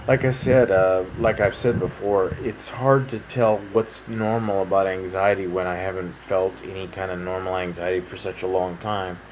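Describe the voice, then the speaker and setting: A man's voice: low voice, flat delivery, normal speed, few pauses. A man in his thirties, rambling through a casual personal update to his viewers, full of fillers and restarts. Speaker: vlogger. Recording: noisy home recording.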